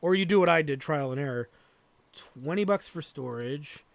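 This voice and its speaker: A man's voice: a little high, animated, normal speed, vocal fry, no echo. A man hosting a let's play, thinking aloud as he plays and swearing freely. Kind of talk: gameplay commentary.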